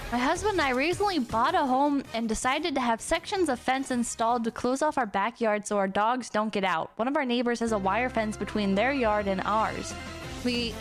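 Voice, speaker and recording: A young woman streamer with a teasing, giggly way of talking, chatting casually and reading a post aloud. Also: a little high. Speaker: streamer host. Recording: streaming mic with music behind. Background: background music.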